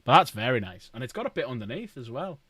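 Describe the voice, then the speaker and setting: A man's voice: mid-range voice, big pitch swings, quick pace, bright, forceful tone, breathy edge, no room sound. A man streaming casually, chatting and rambling to viewers while building models. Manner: rambling, chatty, talks to chat.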